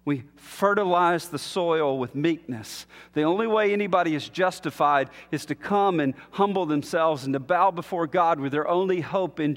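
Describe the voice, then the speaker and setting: A man preaching a sermon as a pastor, measured and emphatic, with long pauses between phrases. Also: fairly high pitch, big-room sound.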